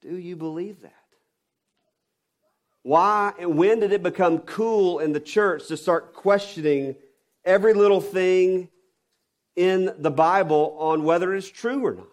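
A pastor preaching a sermon, emphatic, with rhetorical questions and swings from loud stresses to quiet drops. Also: male voice, high-pitched, a little slow.

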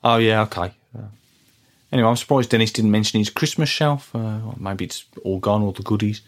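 A man hosting a comic podcast, talking in a deadpan, hesitant, rambling way. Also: on the low side, fairly quick. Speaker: podcast host.

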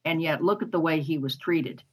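A woman's voice: low voice, normal speed, husky, low-quality recording. A woman on a political talk podcast who speaks emphatically and indignantly. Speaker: podcast co-host. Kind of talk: casual political discussion.

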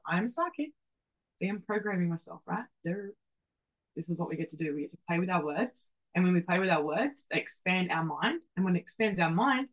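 A woman's voice: mid-range voice, a bit bright, poor audio. A woman in her twenties hosting a solo motivational podcast, brash and casual, swearing freely and calling the listener babe. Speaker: podcast host.

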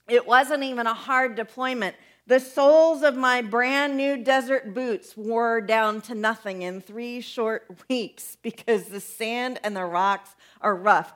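A woman's voice: fairly high pitch, fairly bright tone. A woman preacher giving a conversational sermon, asking her listeners many questions.

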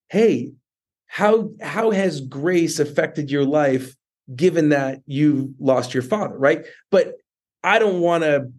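A man's voice: a little high, a little mellow. A man hosting an interview podcast, telling a personal story in a casual way with many restarts. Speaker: podcast host.

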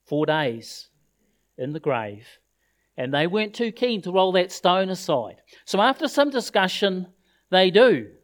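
A man's voice: sits high, unhurried. Man preaching a funeral sermon. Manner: expressive storytelling, quoting scripture.

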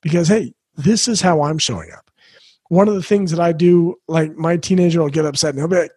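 A man's voice: a little high, quick pace, dark tone, husky, no room sound. A man coaching parents, talking earnestly and asking the listener questions. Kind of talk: talk to parents.

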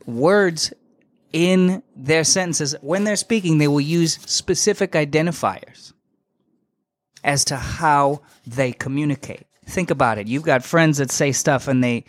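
A young man hosting a podcast, telling a story in a casual, animated and slangy way, emphatic and full of asides. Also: on the high side, no echo, studio quality. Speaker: podcast host.

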